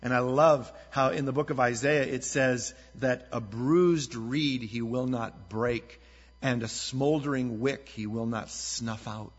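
A man's voice: medium pitch, unhurried, breathy edge. A man preaching a sermon as a pastor, talking in a conversational, earnest way and telling stories with energy. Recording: dull lo-fi sound with long hall reverb.

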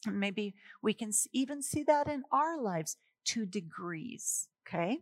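Animated woman teaching a sermon. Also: mid-range voice, a little slow, dry recording. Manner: animated, emphatic, chuckles at her own points. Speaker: Bible teacher. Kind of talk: expository sermon.

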